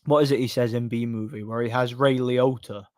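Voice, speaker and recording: A man's voice: mid-range voice, steady tone, fairly quick, darkish tone, no room sound, studio quality. A man streaming live, chatting casually and answering chat in a rambling way, laughing often.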